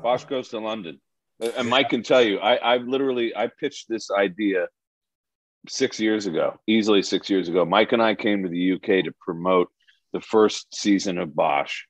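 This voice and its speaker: A man's voice: fairly low pitch, normal speed, no echo. A man chatting in a rambling way, searching for words, on a video call. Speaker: actor, guest. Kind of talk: casual chat. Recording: dull lo-fi call audio.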